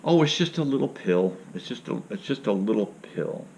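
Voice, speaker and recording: A man's voice: on the low side, lively intonation, normal speed, gravelly, darkish tone, slight background noise. A man voicing a weary, pill-pushing male doctor who brushes his patient off with mumbled reassurances. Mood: dismissive. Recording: dull lo-fi sound.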